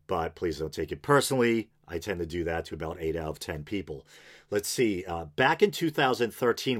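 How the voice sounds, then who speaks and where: A man hosting an unscripted podcast, reading news aloud with casual, wry asides. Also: sits low. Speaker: podcast host.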